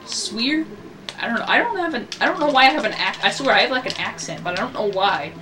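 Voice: mid-range voice, very animated, quick pace, recorded from a distance. Rambling let's-play gamer, noisy recording. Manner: rambling, self-correcting, jokey. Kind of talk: casual gameplay commentary.

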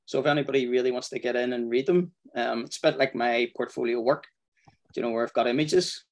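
Gravelly man teaching web design. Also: medium pitch, brisk. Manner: relaxed, thinking aloud with fillers. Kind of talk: screen-share tutorial walkthrough.

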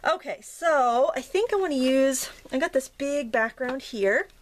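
A woman's voice: sits high, lively intonation, a little slow. A woman hosting a craft tutorial, chatting casually as she works, rambling with fillers and self-corrections. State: slightly out of breath from pressing stamps.

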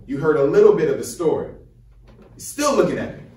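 A medical student in his twenties from Chicago, USA, with a Chicago accent gives a fired-up, preacher-like motivational speech to high schoolers, using call and response. His delivery is sing-song, a little fast, and a little mellow. The recording is roomy with echo and sounds far off.

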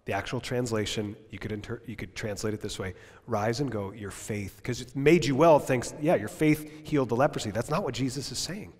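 A male pastor preaching a sermon at a church service, impassioned, swinging from loud emphasis down to near-whispers. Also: medium pitch, fairly quick, few pauses, slightly rough, in a large hall.

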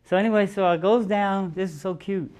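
Lively storytelling man, fairly high voice. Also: brisk. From United States. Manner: animated, acts out quotes, laughs often. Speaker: guest musician. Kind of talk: casual storytelling. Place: TV studio.

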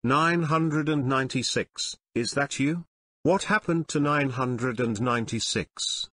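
A man's voice: mid-range voice, measured pace, pushed and bright, no room sound, clean studio sound. A man playing a scheming restaurant chef.

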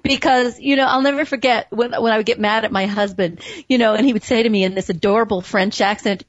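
Casting note: woman radio host, effusive, laughs often, slightly high voice, dry and a bit dull studio sound. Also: fairly even intonation, fast, few pauses, no room sound. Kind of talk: casual interview chat.

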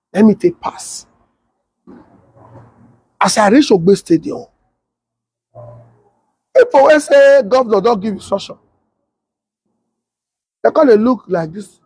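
High husky Nigerian Pidgin storyteller. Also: male voice, no room sound. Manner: animated, laughs often, mimics sirens. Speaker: comedian storyteller.

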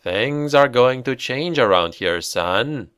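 A man voicing a calm ghostly old father. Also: medium pitch, smooth, no room sound, clean studio sound. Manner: slow, gentle, fatherly. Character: calm, ghostly older father smoking a pipe.

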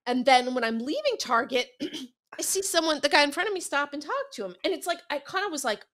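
A woman author as an interview guest, telling stories in a lively way and acting out what people said. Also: sits high, a little fast. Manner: storytelling, lively, acts out quoted voices. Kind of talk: casual interview chat.

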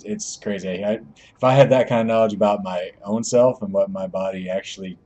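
A man hosting a gaming channel, giving jokey, rambling commentary and letting out excitable yelps as he plays. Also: on the low side. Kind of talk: gameplay commentary.

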